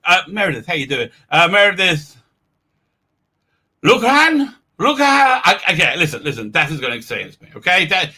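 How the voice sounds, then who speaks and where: A man with an English accent hosting a livestream, rambling and crude, with lots of stammered restarts and loud laughs. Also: high voice, wildly swooping pitch, normal speed, husky. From England. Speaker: livestream host. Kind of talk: casual livestream chat.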